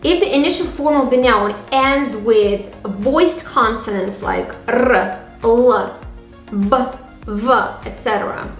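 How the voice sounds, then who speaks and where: Slow, careful woman teacher. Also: a little high. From Tatarstan, Russia. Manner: spells out endings sound by sound, repeating each example. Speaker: language teacher. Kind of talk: slow, careful phrasebook lesson. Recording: echoey room with faint music.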